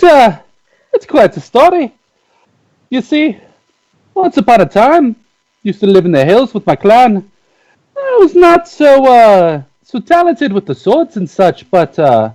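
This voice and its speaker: A man's voice: very high-pitched, warm tone, exaggerated voice, poor audio. A man voicing an awkward, chatty male dwarf tinkerer in a folksy drawl, stumbling over fillers and restarts. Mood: proud. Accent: put-on folksy drawl. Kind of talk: in-character tabletop role-play.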